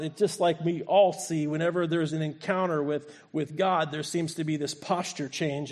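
A man's voice: on the high side, moderate pace, hardly any pauses, darkish tone. A male pastor preaching a sermon, retelling a scripture story and acting out its voices. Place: church sanctuary.

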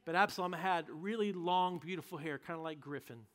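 A man's voice: on the high side, a little fast, a bit bright. A male pastor preaching a sermon, retelling scripture in a casual, joking storytelling manner.

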